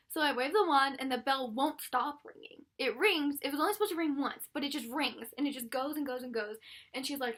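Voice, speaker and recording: High-voiced young woman telling a story. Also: brisk. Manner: animated, breathless retelling with quoted voices and laughs. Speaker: vlogger. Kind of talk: casual storytelling vlog.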